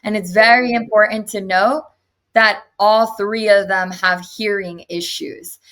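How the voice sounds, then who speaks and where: A young adult woman, an interview guest, retelling a personal story in an animated way and acting out what others said. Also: mid-range voice, measured pace. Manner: animated retelling with acted quotes.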